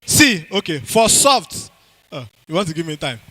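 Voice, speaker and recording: On a rough recording, a man with a Nigerian accent addresses a church congregation about health, testing the audience with questions and echoing key phrases. His fairly high voice is very animated and sharp, moving at a moderate pace.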